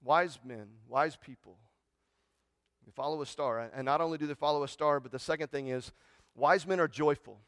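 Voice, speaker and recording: A man preaching a sermon in a conversational way, often asking "right?" and repeating words, moving from hushed, reverent lines to loud, excited ones. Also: medium pitch, moderate pace, no room sound. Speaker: pastor.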